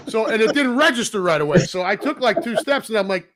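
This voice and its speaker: A man's voice: high voice, lively intonation, moderate pace, pauses often, fairly bright tone. A middle-aged man, a podcast co-host, telling a long story in casual chat, acting out the people he quotes and swearing freely.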